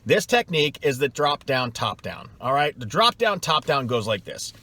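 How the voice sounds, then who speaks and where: A man's voice: medium pitch, very animated, normal speed, sharp tone, dry recording. A middle-aged man coaching salespeople in a blunt, scornful way, hammering his points home through repetition. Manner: emphatic, scornful, repeats points for effect. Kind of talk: blunt advice vlog.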